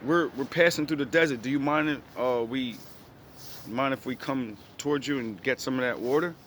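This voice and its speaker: A man's voice: mid-range voice, moderate pace, fairly bright tone, slight background noise, close to an everyday voice. A man voicing crude, startled male desert travelers in a retold story, speaking in slang and swearing. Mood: astonished.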